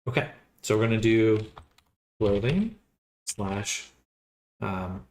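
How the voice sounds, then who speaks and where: A sleepy man thinking aloud in a quiet, unhurried murmur while he works through a task on a livestream. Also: on the low side, expressive. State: sleepy, yawning. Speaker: livestreamer building avatars.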